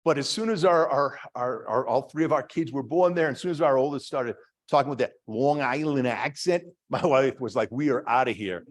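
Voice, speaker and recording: A man's voice: mid-range voice, fairly quick. A middle-aged man with a Boston accent, a department head giving a chatty, self-deprecating talk to an audience, with many fillers and restarts. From Massachusetts. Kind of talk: lecture to an audience.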